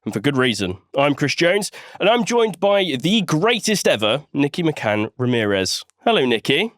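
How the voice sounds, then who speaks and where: Male podcast host, playful banter, very expressive pitch. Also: normal speed, no room sound, clean studio sound. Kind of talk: politics podcast chat.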